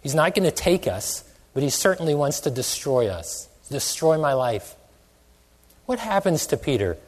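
A man's voice: on the high side, big pitch swings, normal speed. A man preaching a sermon, asking many questions and stretching out phrases for emphasis. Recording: long hall reverb.

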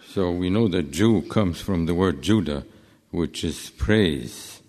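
Slow, deep-voiced man explaining scripture. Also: darkish tone. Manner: measured, deliberate, cites verses carefully. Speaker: Bible study speaker. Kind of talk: Bible study teaching. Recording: long reverb of a large hall.

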